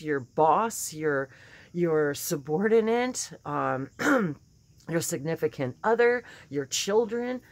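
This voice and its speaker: A low-pitched woman talks in a casual, chatty way about spiritual practice. Her morning voice is a little hoarse, and she laughs often between her points. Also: lively intonation, measured pace, no echo. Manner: warm, chatty, laughs often, many fillers and restarts. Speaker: spiritual channeler and teacher.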